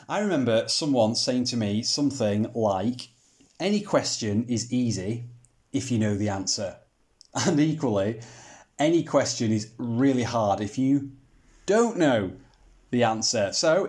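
A man's voice: mid-range voice, darkish tone. A man giving a Bible teaching talk, asking rhetorical questions and using mildly sarcastic humor.

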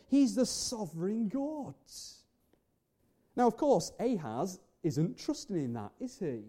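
A man delivers a sermon in a fairly high, soft and mellow voice. He presses his points with rhetorical questions and rising emphasis, earnest throughout. The tone stays warm rather than sharp. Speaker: preacher.

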